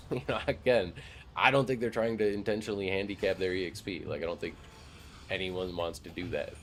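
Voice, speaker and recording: Low-voiced man rambling on a game stream. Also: fairly even intonation, brisk, fairly bright tone, slight background noise. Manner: rambling, loose, heavy on "like" fillers and swearing. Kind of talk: casual live-stream chat while gaming.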